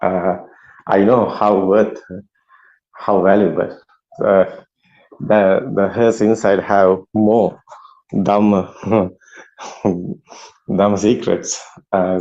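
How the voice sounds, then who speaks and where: A man who is not a native English speaker hosts an online Buddhist meeting, talking haltingly with many fillers and laughs. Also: lowish voice, mellow. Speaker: meeting host. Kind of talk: casual online meeting talk. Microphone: video call. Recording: slightly dull video call audio.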